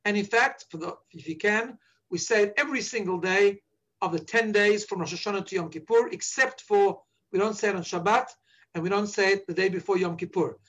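A man's voice: high voice, a little fast, fairly bright tone, lo-fi sound. A man teaching prayer to listeners as a rabbi, earnest and instructive, patiently repeating page references. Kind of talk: explaining the liturgy to listeners.

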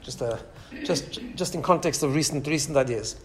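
A man's voice: a little high, moderate pace, slight background noise. A man teaching a Torah class in an informal way, telling stories with lots of restarts and asides to a small audience. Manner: animated storyteller, many restarts and asides.

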